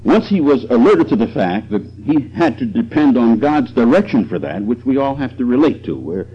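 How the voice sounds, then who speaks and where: A man's voice: mid-range voice, big pitch swings, moderate pace, slightly rough. A man preaching a sermon, with chuckling asides and emphasis that swells and drops. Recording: dull lo-fi recording.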